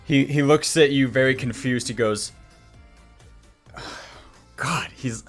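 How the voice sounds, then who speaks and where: A man running a tabletop game as game master, narrating in a relaxed, chatty way. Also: mid-range voice, measured pace, faint music behind.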